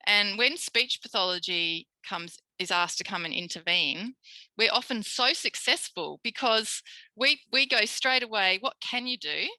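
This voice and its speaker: An Australian woman, a speech pathologist, giving a recorded tutorial lecture in a lively way, acting out quoted voices. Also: medium pitch, a little slow, no room sound, rough recording. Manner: animated, acts out quoted voices.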